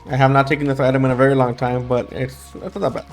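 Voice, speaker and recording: A young man talks over his gameplay in a relaxed, rambling way, full of fillers and restarts. His throat is dry and his voice is sleepy from the late hour. Soft music plays faintly behind him. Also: mid-range voice, fast talker. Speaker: gaming YouTuber. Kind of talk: casual gameplay commentary.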